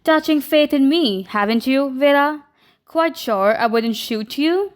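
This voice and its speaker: A woman reading the lines of a calm, sardonic adult man in an audiobook. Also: high-pitched, a little slow. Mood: cool. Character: cool, mocking adult man, an adventurer.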